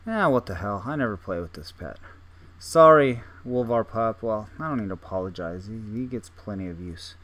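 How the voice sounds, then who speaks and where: A man's voice: lowish voice, lively intonation, normal speed, fairly bright tone. A young man casually thinking aloud while playing a game, self-mocking and full of restarts. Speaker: gaming video host. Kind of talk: casual gameplay commentary.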